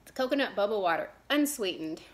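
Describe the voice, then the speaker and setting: A woman's voice: medium pitch, expressive, fast. Chatty woman in her thirties. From Texas. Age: 30s. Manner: chatty, rambling, with many fillers and restarts. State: clearing her throat from allergies. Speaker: cross-stitch vlogger. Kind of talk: casual chat.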